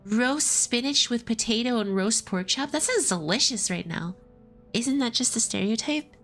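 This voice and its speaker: A woman's voice: on the high side, lively intonation, normal speed, a bit bright, faint music behind. A woman streamer chatting casually and laughing while she plays a game and reads its text aloud. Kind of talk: casual let's-play commentary.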